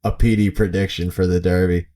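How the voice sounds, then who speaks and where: A man co-hosts a podcast, chatting casually about baseball, acting out players' reactions and breaking into bursts of laughter. His voice sits low with little pitch movement, and he speaks briskly in a warm tone.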